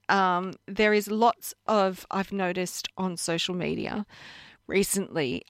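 A woman's voice: mid-range voice, no echo, clean studio sound. A woman who works hands-on with horses and dogs, talking earnestly on a radio show in a casual, plain-spoken way with many fillers, while she is losing her voice. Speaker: animal bodywork practitioner, radio guest.

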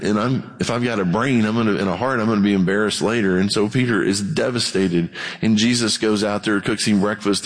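A male pastor preaching a conversational sermon. He acts out quotes and builds to a fervent, impassioned delivery. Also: medium pitch. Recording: long hall reverb.

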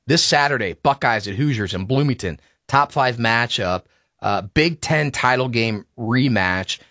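A man's voice: medium pitch, sharp tone, dry recording, studio quality. A man hosting a casual sports talk show, emphatic and opinionated. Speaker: radio sports talk host.

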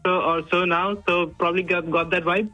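A man's voice: high-pitched, little pitch movement, brisk, pushed and bright, muffled recording, faint music behind. A man with an Indian accent, calling in to a radio show in a polite, matter-of-fact way. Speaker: caller. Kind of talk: casual radio call.

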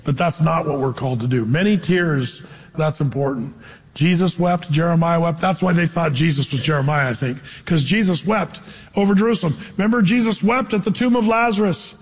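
Guy preaching a sermon, high husky voice, asks lots of questions, echoey hall. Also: a little fast. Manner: conversational preaching, rhetorical questions, shifting loudness. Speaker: pastor. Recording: long hall reverb.

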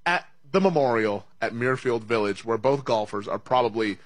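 A man's voice: medium pitch, lively intonation, no echo. Jokey man hosting a betting show. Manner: jokey, laughs often, quick asides. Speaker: sports betting show host. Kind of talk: casual sports betting chat.

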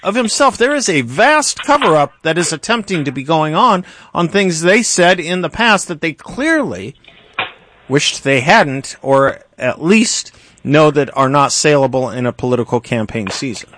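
A man hosting a political talk radio show, speaking in a measured way and repeating words for emphasis. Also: a little high, animated, fairly bright tone.

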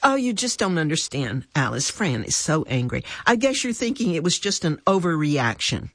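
Fran, as a reader puts her on, is a touchy, emotional working mother in a devotional storybook, her voice riding high and swinging widely. It has a slightly husky edge and is recorded dry and close. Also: sing-song, a bit bright, dry recording, exaggerated voice. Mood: upset. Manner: emotional, quick to take offense.

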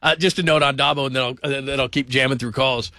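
Bright-voiced man hosting sports radio. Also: medium pitch, fast talker, no room sound. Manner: animated, does mocking voices of others. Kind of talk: call-in sports talk.

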